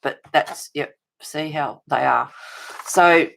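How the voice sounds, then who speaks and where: Middle-aged woman, deep voice, chatty home livestream host, talks with viewers by name over a webcam, fussy about detail. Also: takes it slowly, gravelly, a little hiss or hum. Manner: chatty, answers viewers' comments with endearments; self-described fussy and pedantic. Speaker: livestream host of a colouring channel. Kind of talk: casual livestream chat. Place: home, at a table.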